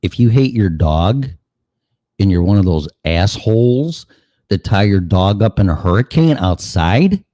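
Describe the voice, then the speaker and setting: A man's voice: on the low side, expressive, a little slow, mellow, no room sound. A man hosting a show, delivering a sarcastic, profane ranting monologue full of mocking asides. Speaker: show host.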